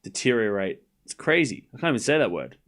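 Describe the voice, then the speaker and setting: An Australian man streaming live tennis play-by-play, trading quick, jokey back-and-forth with his chat. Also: medium pitch, big pitch swings, fairly bright tone. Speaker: streamer calling a tennis match.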